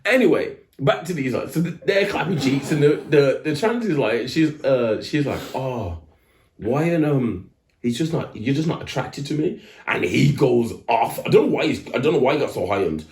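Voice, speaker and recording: A man co-hosting a podcast, telling a story in casual chat and acting out the people in it. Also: moderate pace. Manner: animated storytelling, acts out voices with big pitch jumps. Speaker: podcast co-host. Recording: roomy echo.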